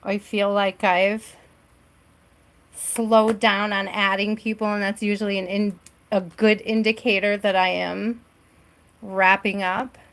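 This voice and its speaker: A middle-aged woman hosts a casual live tarot stream from her home. She talks in an unhurried, drawn-out way, reassuring her viewers and often checking in with a little "right?". Her voice sits in an everyday middle range. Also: medium pitch, level tone.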